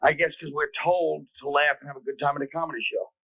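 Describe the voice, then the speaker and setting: A man's voice: fairly high pitch, little pitch movement, fast. A man in casual comedic radio banter, dry, sarcastic and profane. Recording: tinny phone-like lo-fi sound.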